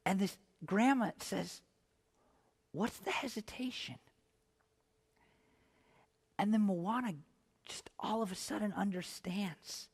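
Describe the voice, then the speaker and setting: A male pastor preaches in a church with a slightly high voice. His talk is chatty and self-deprecating, with fillers and restarts, and he rises into loud, impassioned bursts. A long reverb trails his words through the hall. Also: a little slow, gravelly, breathy edge. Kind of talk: sermon. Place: church sanctuary.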